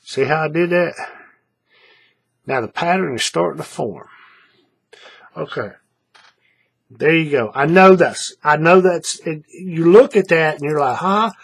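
A man's voice: fairly high pitch, a little slow, creaky, pauses often, slightly rough. A man teaching a paracord bracelet craft in a hands-on tutorial, chatty and repetitive, often checking in with the viewer. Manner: chatty, repeats steps, checks in with "right?".

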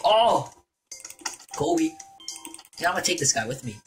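A young man giving excitable, jokey commentary while playing a video game. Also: a little high, unhurried, soft background music. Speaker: gaming YouTuber. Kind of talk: gameplay commentary.

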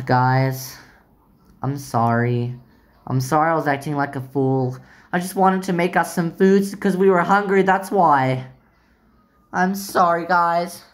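A woman doing a low sulky cook girl. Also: takes it slowly. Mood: apologetic. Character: sulky bossy female cook, spiteful then sorry. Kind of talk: toy play-acting drama.

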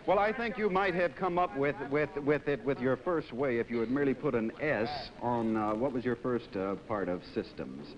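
A man's voice: medium pitch, animated, normal speed, hardly any pauses, crowd noise. A man hosting a 1960s television game show, genial and joking as he bantered with the players. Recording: dull 1960s TV audio with loud studio audience.

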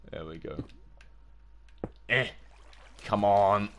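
This gaming livestreamer, a young man from the UK, has a gravelly voice on the low side and takes his time, leaving long pauses. His casual commentary is excitable and jokey, aimed at his chat, with yelps when something catches him off guard.

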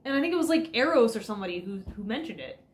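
A woman co-hosting a casual comic reaction chat, animated and sarcastic, often acting out characters' lines. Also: fairly high pitch, racing. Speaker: co-host.

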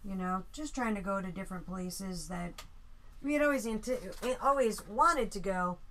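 A woman's voice: medium pitch, moderate pace, a bit bright, slight background noise. A woman artist chatting casually with viewers on a live stream while she paints at home. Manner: chatty, talks to viewers and her dog.

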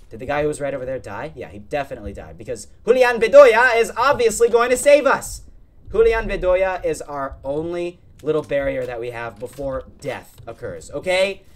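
A young man giving excitable gameplay commentary, jumping between muttering to himself and shouting, and often saying "freaking". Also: on the high side, slight background noise. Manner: peppers speech with "freaking". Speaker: gaming channel host.

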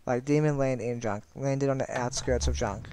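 A young man giving live gameplay commentary as a gaming channel host, excitable and exasperated, pleading in bursts. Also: mid-range voice, moderate pace, clean tone.

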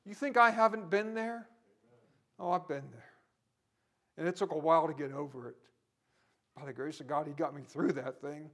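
A middle-aged man preaching a sermon with passion, his voice building to near-shouting peaks. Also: high-pitched, moderate pace, pauses often.

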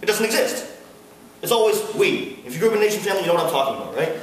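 A man giving a sermon at a campus fellowship, animated and playful with the audience laughing along. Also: high voice, rapid-fire. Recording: echoey hall from far off, faint hiss.

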